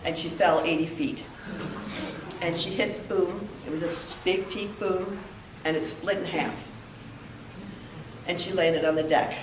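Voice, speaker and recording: An older woman giving a heartfelt memorial tribute, telling stories with pauses. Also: fairly low pitch, fairly even intonation, background noise. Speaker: eulogy speaker. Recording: echoey room, heard from a distance.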